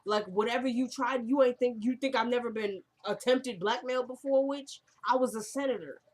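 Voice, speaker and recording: A woman giving a casual, rambling recap of a TV drama episode, full of fillers and self-corrections. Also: moderate pace. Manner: drops into quieter, lower tones when quoting characters.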